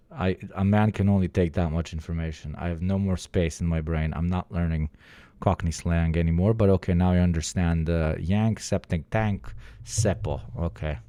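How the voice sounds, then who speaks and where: A man with a lowish voice talks casually into a dry, close streaming mic. He rambles, restarts, and sounds openly baffled by what he is watching. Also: fairly even intonation, normal speed, mellow, no room sound. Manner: rambling, incredulous, stammering restarts. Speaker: streamer reacting to videos.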